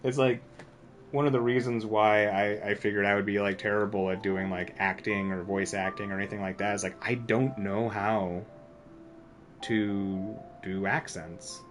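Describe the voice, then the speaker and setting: Low-voiced man rambling through a game stream. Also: fairly even intonation, normal speed, faint music behind. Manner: rambling and self-deprecating, heavy with filler words. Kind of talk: casual gameplay commentary.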